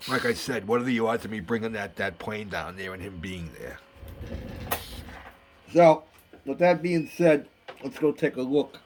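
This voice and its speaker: A middle-aged man hosting a model building vlog, telling a story in a chatty, excitable way with lots of fillers and restarts. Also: medium pitch, measured pace, long pauses, a little hiss or hum. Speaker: model building channel host.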